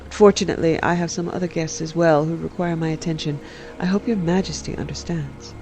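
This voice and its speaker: A man's voice: on the high side, fairly even intonation, fairly quick, a little mellow, soft background music, lightly acted. A man reading aloud and voicing an ambitious, scheming queen mother in a cool, cutting manner. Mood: cold, scheming.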